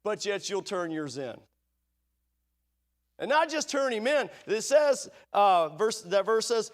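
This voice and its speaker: A man's voice: high voice, big pitch swings, takes it slowly. A man preaching a sermon in a church, asking the congregation rhetorical questions and reading scripture aloud. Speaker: pastor. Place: church sanctuary.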